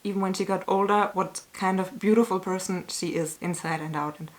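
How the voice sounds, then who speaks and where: A woman talking to camera as a YouTuber in a candid, earnest way, with slow, searching phrasing and small restarts, sometimes emotional. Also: on the low side, steady tone. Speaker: YouTuber answering a tag. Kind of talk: casual talk to camera.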